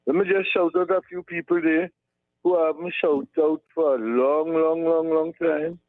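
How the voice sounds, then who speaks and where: A Trinidadian man calling in to a radio show, giving rambling, affectionate shout-outs and repeating his words. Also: fairly high pitch, fairly even intonation, normal speed, dry recording. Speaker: radio caller. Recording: tinny phone line.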